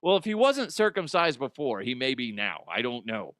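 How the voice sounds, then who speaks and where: A man's voice: mid-range voice, big pitch swings, normal speed, fairly bright tone, no room sound, studio quality. A middle-aged man hosting a comedy news podcast, riffing crudely, laughing at his own jokes and slipping into silly voices. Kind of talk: casual comedic monologue.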